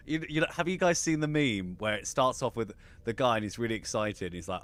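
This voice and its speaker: A man co-hosting a live gaming show in casual chat, excitable and stammering with frequent restarts. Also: mid-range voice, a little fast, hardly any pauses. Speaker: co-host.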